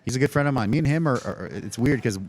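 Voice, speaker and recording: A man from Canada hosting a podcast, chatting casually and telling animated stories with acted-out voices. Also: mid-range voice, fast. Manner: animated storyteller, acts out other people's voices. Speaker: podcast host. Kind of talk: casual chat.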